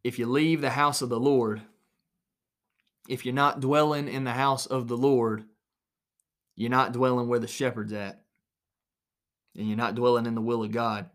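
Man, earnest preacher, mid-pitched voice, repeats lines for emphasis, recorded sermon in a small office. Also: steady tone, normal speed, pauses often.

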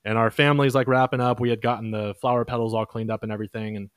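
A man's voice: rapid-fire, clean tone, dry recording, studio quality. Chatty young man telling a story. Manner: relaxed, chatty, acts out quotes in a higher voice. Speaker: podcast host. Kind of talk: casual storytelling.

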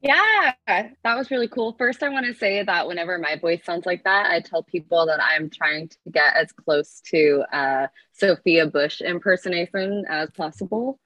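A woman from California, a fitness coach guest on a podcast, talking in a lively, upbeat way as she thinks her ideas through aloud. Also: fairly low pitch, moderate pace, no room sound. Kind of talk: casual podcast interview.

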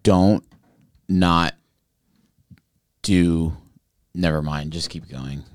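A man's voice: sits low, steady tone, drawn-out words, a little mellow, no echo, clean studio sound. A man co-hosting a podcast in crude, swearing, joking banter. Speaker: podcast co-host. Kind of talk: casual chat.

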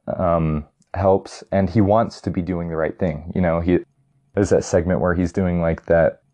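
A young man talks in a casual, rambling way, full of fillers and restarts, clearly enthusiastic about what he is ranking. His voice sits low and sounds mellow and relaxed. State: getting tired. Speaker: vlogger ranking movies. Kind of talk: casual chat.

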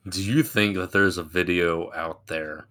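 A man co-hosting a casual podcast, playful and quick with interjections. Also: low voice, steady tone, sharp tone. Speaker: podcast co-host.

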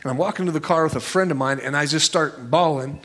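Higher-voiced male pastor preaching conversationally. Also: fast, fairly bright tone. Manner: shifts into high voices for quoted people. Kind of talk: sermon.

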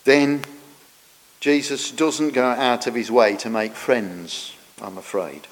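A man preaches, explaining scripture in an earnest, teaching way. His phrases often sink quieter as they end. His voice rings out with a long reverb, as in a large church. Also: medium pitch, slow pace. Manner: earnest, explanatory, drops softer at the ends of phrases. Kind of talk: sermon.

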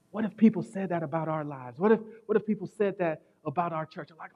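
A male pastor with a high voice preaches a sermon, telling stories animatedly. He swings from loud bursts to hushed moments. The recording sounds a little dull. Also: fast, few pauses.

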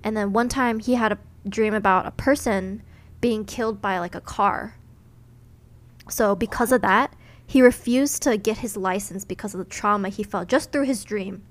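A woman's voice: mid-range voice, normal speed. A young adult woman, a podcast co-host, casually retelling a ghost story in a chatty way, full of "like" and "you know.".

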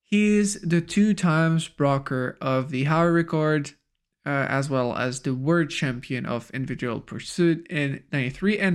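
A man's voice: mid-range voice, clean tone. A young French man with a French accent hosting a podcast in an upbeat, casual way, laughing easily. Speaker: podcast host.

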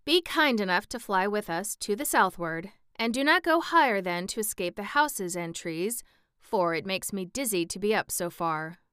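A woman's voice: medium pitch, animated, normal speed, a bit bright, clear, resonant tone, no room sound, studio quality, natural voice. A woman voicing an eager young boy in a storybook reading. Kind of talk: audiobook reading.

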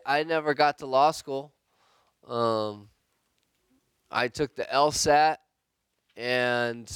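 A man leading a church group discussion, telling a story in an earnest, halting way with restarts. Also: medium pitch, fairly bright tone, clear, resonant tone, dry recording.

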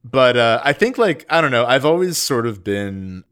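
A man co-hosting a casual book podcast, animated and jokey, loosely rambling with lots of fillers. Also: medium pitch, normal speed, clear, resonant tone. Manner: animated, jokey, reads passages aloud. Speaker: podcast co-host.

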